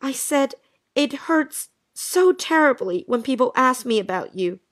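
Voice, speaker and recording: A woman's voice: high-pitched, expressive, unhurried, dry recording, studio quality. A woman playing Jean, a lovesick, anxious woman. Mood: sad. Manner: pleading, breathless and emotional. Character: anxious, lovesick young wife pleading with her absent man. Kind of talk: dialogue-story drama reading.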